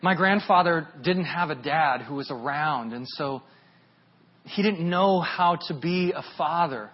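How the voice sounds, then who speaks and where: In a sermon, a man in his thirties shares a personal story in an earnest, confessional way, his voice swelling louder and higher at emotional peaks. He speaks at a measured pace with a breathy edge, and the recording sounds dull and lo-fi.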